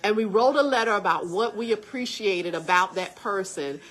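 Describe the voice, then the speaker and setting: A woman's voice: mid-range voice, expressive, moderate pace, a bit bright. A middle-aged woman co-hosting a church livestream, chatting casually and laughing as she reads viewer comments.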